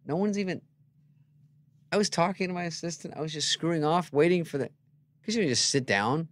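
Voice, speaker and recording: Speaking a little fast with a fairly high pitch, a male comedian on a talk show shares casual, sardonic stories. He voices both parties in the exchanges he describes.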